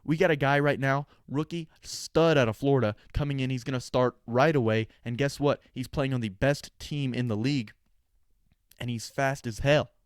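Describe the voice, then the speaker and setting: A man's voice: medium pitch, steady tone, normal speed, clean tone, dry recording, studio quality. A young man hosting a sports podcast, talking casually with sarcastic, opinionated jokes. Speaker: podcast host.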